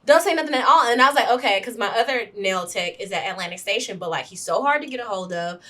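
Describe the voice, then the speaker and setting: A lively woman is co-hosting a casual podcast. Her voice is bright and ringing, and she sits a little back from the mic. She acts out every character in her stories with big comic reactions. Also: medium pitch, fast talker, recorded from a distance. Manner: animated storyteller, acts out quotes, shrieks for comic effect. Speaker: podcast co-host. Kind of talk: casual chat.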